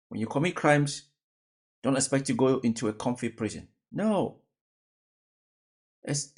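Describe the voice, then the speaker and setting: Man, commentator, emphatic rhetorical questions, average pitch. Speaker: reaction commentator. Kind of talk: casual reaction commentary.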